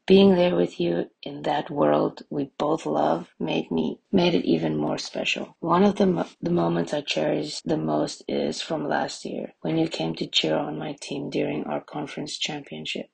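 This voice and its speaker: A woman in her thirties speaks a memorial tribute to her late mother, her voice heavy with gravelly fry and very husky. She talks tenderly and earnestly, stumbling now and then and starting lines over. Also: low voice, darkish tone, rough recording. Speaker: grieving daughter giving a tribute.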